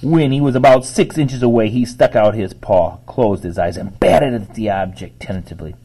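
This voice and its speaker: A man reading a children's chapter book aloud to young listeners, stopping now and then to explain a word. His voice is low and mellow with a husky, breathy grain. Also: moderate pace, poor audio. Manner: explains words along the way. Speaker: reader to children.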